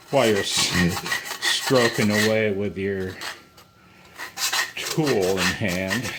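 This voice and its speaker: A man in a home workshop chatting to camera in a rambling, self-mocking way while filing metal, sometimes a little out of breath. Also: fairly low pitch. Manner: self-mocking, wandering asides. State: slightly out of breath. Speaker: ham radio hobbyist. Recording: faint background noise with filing and clicks.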